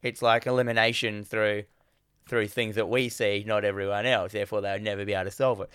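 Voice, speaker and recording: A man casually recapping a film with a co-host, acting out characters' lines in quick animated bursts. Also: fairly low pitch, smooth, no room sound, studio quality. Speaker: podcast co-host.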